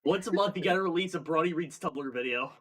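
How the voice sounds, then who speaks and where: A man's voice: on the high side, fast talker, a bit bright, breathy edge, recorded from a distance. A man who runs the stream's tech, speaking in a dry, matter-of-fact way. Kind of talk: casual livestream chat.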